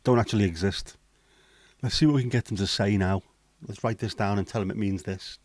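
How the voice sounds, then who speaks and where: English bloke, low voice, sweary banter, livestream host, dry close mic. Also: male voice, a little fast, a little mellow, no echo. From England. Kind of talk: casual live chat reading the chat.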